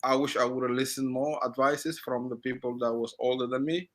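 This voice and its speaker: A man in his forties with a Somali accent, an interview guest giving reflective advice, often halting and repeating words as he searches for his phrasing. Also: medium pitch, steady tone.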